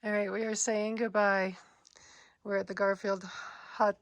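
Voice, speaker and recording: A woman hiker who documents long-distance treks talks casually to her camera outdoors on a rocky trail, plainspoken and chatty, letting out sighs between thoughts. Her mid-range voice is flat and a little slow, and the audio sounds dull.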